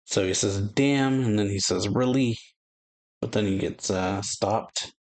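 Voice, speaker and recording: A man hosting an anime reaction channel, casually recapping a manga chapter, rambling with many fillers and reading the characters' lines in a flat voice. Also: sits low, normal speed, husky.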